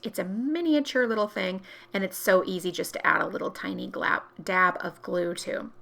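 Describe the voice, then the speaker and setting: A woman vlogger walks through a planner crafting project in a casual, chatty way, stopping to correct herself as she works. Her voice is bright and forward, with a gravelly, creaky texture. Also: lowish voice.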